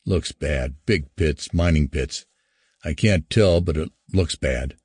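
A man's voice: extremely low pitch, slow pace, a little mellow, breathy edge, no echo, clean studio sound, heavily acted. A man reading the lines of a nervous male astronaut who reports from the ground in gasps. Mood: shaken. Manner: anxious, gasping.

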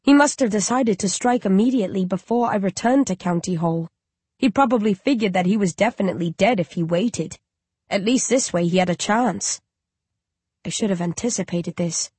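A woman narrating an audiobook in first person, measured and reflective, at a middle pitch. Her voice is recorded close and dry, with no room sound. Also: darkish tone, slightly rough, no room sound.

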